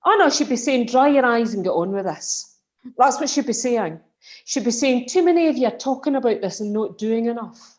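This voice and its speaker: A woman's voice: a little high, lively intonation, a little mellow. Scottish woman guest, emphatic and passionate, heard over a video call. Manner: passionate, emphatic, quick restarts. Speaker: guest speaker, colleague. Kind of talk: casual remembrance conversation.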